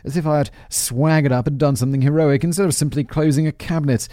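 A man's voice: fairly high pitch, steady tone, fast, warm tone, no echo. A man hosting a podcast, reading a story aloud with sardonic, self-mocking asides and casual swearing, close to the microphone. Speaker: podcast host.

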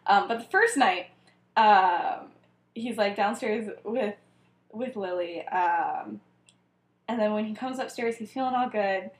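A woman's voice: mid-range voice, takes it slowly. A young woman co-hosting a podcast, casually retelling a story with lots of "like" and frequent laughter. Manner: chatty, heavy use of "like", frequent laughter. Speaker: podcast co-host. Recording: echoey room.

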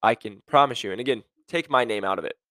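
A man's voice: mid-range voice, fast talker, sharp tone, no room sound. A man hosting a podcast, talking in a blunt, sarcastic rant to his listeners. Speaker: podcast host. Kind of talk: casual monologue.

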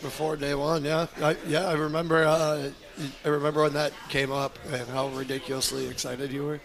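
A man's voice: on the high side, level tone, fairly quick, fairly bright tone. A man co-hosting a local food podcast, friendly and rambling as he chats with a guest. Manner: friendly, rambling, many fillers. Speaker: podcast co-host. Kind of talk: casual interview chat.

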